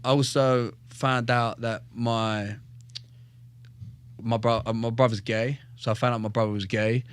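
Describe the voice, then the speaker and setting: A professional fighter, appearing as a podcast guest, casually tells his life story in a blunt, profane, joking way, often stumbling and repeating words. His medium-pitched voice is clear and resonant, flat in delivery and a little slow.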